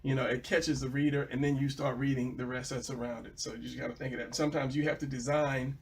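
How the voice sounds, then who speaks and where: A man's voice: mid-range voice, level tone, quick pace, a little hiss or hum. A man casually teaching comic drawing, rambling with fillers and restarts as he walks through old pages. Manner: rambling, many fillers and restarts, retelling a story. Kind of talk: casual tutorial talk.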